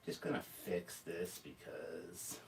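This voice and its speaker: A man's voice: low voice, very animated, slow pace, vocal fry, a little mellow, a little hiss or hum. A man hosting his own channel, chatting casually in a rambling, jokey way with many fillers. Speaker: channel host. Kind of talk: casual livestream chat.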